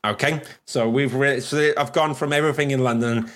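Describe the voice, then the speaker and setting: A man's voice: mid-range voice, fairly even intonation, brisk, a bit bright. A man from Wales hosting a casual livestream chat, chatty and rambling, laughing often. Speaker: host.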